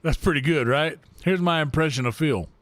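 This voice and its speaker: A man's voice: a little high, fairly quick, fairly bright tone, dry recording. A man hosting a gaming livestream, greeting and teasing his chat in a playful way and drawing words out in a singsong. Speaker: livestream host. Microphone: desk microphone.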